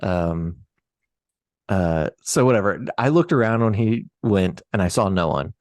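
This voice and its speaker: A man telling a story on a podcast in a casual, animated, profane way. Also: sits low, measured pace, no echo, studio quality.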